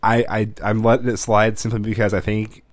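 A man's voice: lowish voice, little pitch movement, brisk, no room sound. A man telling a family story in casual chat, rambling and repeating words as he goes. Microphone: microphone.

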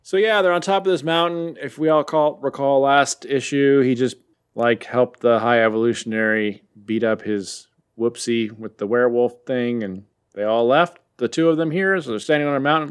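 A man's voice: mid-range voice, normal speed, clear, resonant tone. Guy rambling thru a comic recap, jokey, mid voice. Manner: joking, rambling. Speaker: podcast co-host. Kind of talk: casual comic book recap.

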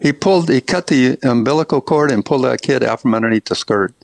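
An older man from Tennessee, an author guest, telling stories in a halting, casual way with many fillers and restarts. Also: medium pitch, gravelly, no room sound. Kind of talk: casual interview storytelling.

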